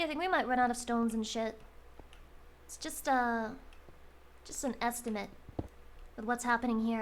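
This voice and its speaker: A young woman streaming a game, chattering excitably to her chat, swearing freely and breaking into loud outbursts. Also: on the high side. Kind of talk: casual live-stream chatter while playing a game.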